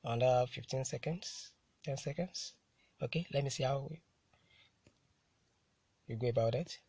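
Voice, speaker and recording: A man teaching English word stress, saying each word slowly and repeating it for the learner to copy. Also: mid-range voice, mellow, slightly rough, no echo. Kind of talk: slow drilled pronunciation lesson.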